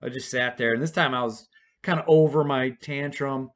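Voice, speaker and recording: A man's voice: medium pitch, fairly even intonation, moderate pace. A man at home telling a personal story to his camera in a rambling, profane, casual way, full of fillers and restarts.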